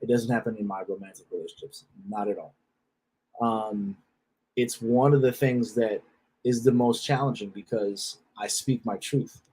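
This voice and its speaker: Husky, blunt-talking man. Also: fairly low pitch, steady tone, normal speed, mellow, poor audio. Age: adult with a wife and children. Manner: blunt and profane; repeats phrases, restarts. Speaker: self-help speaker. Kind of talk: casual motivational talk.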